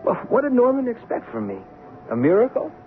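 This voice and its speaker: A man's voice: very high voice, huge pitch swings, brisk, faint music behind, heavily acted. An actor playing a nervous, stammering male theater press agent who also narrates, in a 1970s radio drama. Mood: rueful narration. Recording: tinny 1970s radio broadcast, faint hiss.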